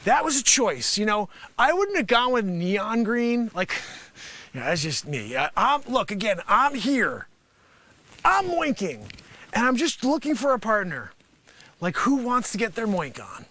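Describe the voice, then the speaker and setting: Slightly slow in pace, a man with a bright, sharp, high voice makes up a sarcastic comic sales pitch on a live stream. He rambles with filler phrases, swoops up and down in pitch, and erupts into loud, animated bursts.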